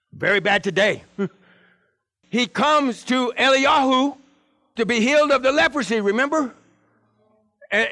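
A high-pitched man delivering a lively sermon. His voice is bright and ringing, and he swings wildly up and down as he acts out the people in the stories. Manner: animated, acts out biblical figures with big pitch swings. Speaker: preacher.

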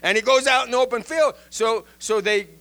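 A man giving an informal Bible lesson in an animated way, often restarting and repeating words. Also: very high-pitched, brisk. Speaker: Bible teacher.

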